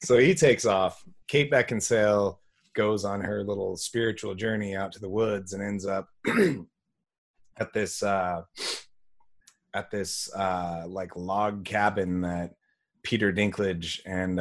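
A man talks through a bad film in easygoing podcast banter. His voice sits on the low side, and he rambles, swears casually and drifts with ums and half-finished thoughts. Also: steady tone, takes it slowly. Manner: laid-back, profane, trails off with ums and laughs. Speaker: podcast co-host. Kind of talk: casual movie recap chat.

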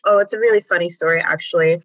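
A woman guest with a bright, forceful voice tells her story with dramatic flair. The sound is dry and close, but a little dull and lo-fi. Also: fairly low pitch, fast, dry recording. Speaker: podcast guest. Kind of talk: casual faith conversation.

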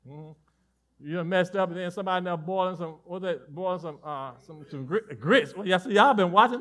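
A man preaching a lively sermon in a high, bright voice. He swings between forceful declarations and quiet, folksy asides, joking easily with his congregation. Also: normal speed. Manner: animated preaching with sudden drops to soft asides. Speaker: pastor.

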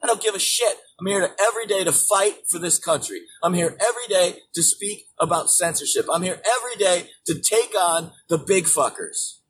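Ranting, foul-mouthed man, high-pitched. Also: expressive, normal speed, hardly any pauses. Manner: angry, swearing constantly, emphatic, bursts into shouting. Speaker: show host. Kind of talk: profane political rant. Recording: distant mic with faint background noise.

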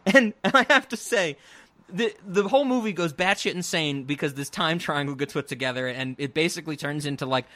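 High-voiced male co-host, animated movie chat, dry close mic. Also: a little fast, no echo. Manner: animated, laughing, mimics film lines in shrill voice. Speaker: podcast co-host. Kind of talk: casual movie review chat.

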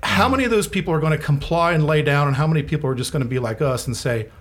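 A man's voice: on the high side, rapid-fire, a bit bright. Profane ranting man on a podcast. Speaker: podcast co-host. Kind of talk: casual chat.

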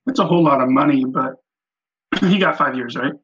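A man's voice: mid-range voice, normal speed, fairly bright tone, slightly rough, lo-fi sound. A man as a guest on a casual sports podcast, talking with many ums and restarts.

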